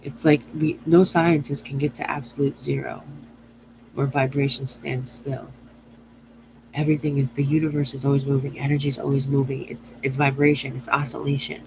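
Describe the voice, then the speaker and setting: A woman's voice: very deep voice, little pitch movement, normal speed, background noise. A woman giving a channeled astrology reading to her viewers. She rambles, swears freely and often stops to correct her own words. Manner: rambling, profane, self-correcting. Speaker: astrology and tarot reader.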